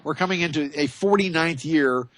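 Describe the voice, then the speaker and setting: A man's voice: fairly high pitch, moderate pace, a bit bright, a little hiss or hum. A man hosting a radio talk show, chatting and joking in a rambling way.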